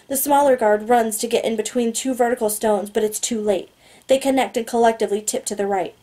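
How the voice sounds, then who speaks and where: A woman narrating a novel in the first person, steady and plain. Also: on the high side. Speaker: audiobook narrator.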